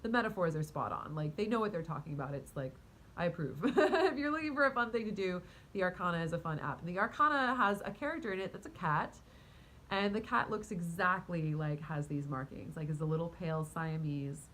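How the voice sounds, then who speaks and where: A woman casually telling a story to her viewers in a rambling, animated way, full of fillers, restarts and quick laughs. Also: fairly low pitch, rough recording. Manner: talks to her cat mid-story. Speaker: vlogger and spiritual coach.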